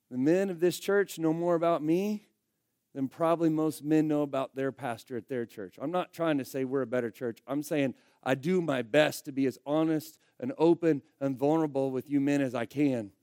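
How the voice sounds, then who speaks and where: Male pastor, high voice, emphatic conversational sermon, dry close sound. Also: moderate pace, clean tone, no echo. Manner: emphatic, conversational preaching with swings from loud to quiet.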